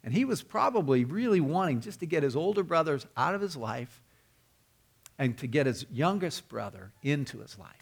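A man's voice: fairly high pitch, very animated, normal speed, gravelly, breathy edge. A man preaching a sermon, telling the story earnestly and often repeating or restarting his words. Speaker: pastor.

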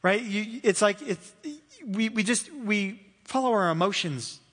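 A man's voice: high-pitched, measured pace, a bit bright, in a large hall. A man preaching a sermon in a church, chatty and laughing, acting out little voices along the way. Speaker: pastor.

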